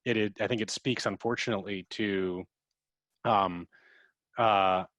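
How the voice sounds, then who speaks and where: A dramaturg answering audience questions on a video call, in a thoughtful, chatty way that repeats words and taps out verse rhythms aloud. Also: male voice, fairly low pitch, fairly even intonation, a little slow, fairly bright tone, no room sound.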